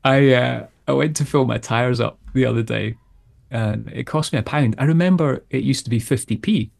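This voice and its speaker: A man's voice: mid-range voice, normal speed, gravelly. A man co-hosting a podcast in casual chat, friendly as he wraps up the episode. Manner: friendly, wraps up the show with plugs. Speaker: podcast co-host.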